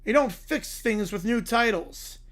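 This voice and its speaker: Guy doing a hoarse folksy texan propane dude, lecturing everyone. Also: high voice, expressive, a little slow, fairly bright tone, heavily acted. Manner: lecturing, indignant. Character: folksy propane-obsessed Texan man, stern.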